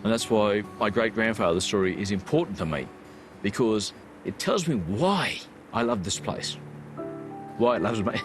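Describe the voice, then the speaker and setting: Older Australian man, low and heartfelt. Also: lively intonation. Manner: measured, heartfelt, growing emotional. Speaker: local former radio broadcaster. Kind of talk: reflective interview answers. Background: music.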